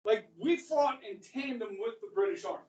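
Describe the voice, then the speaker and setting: A man's voice: very high voice, normal speed, a little mellow, lo-fi sound. Male American history teacher, casual storytelling lecture, recorded at a distance in a roomy classroom. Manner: chatty storytelling with frequent "okay?" check-ins. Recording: echoey classroom from far off.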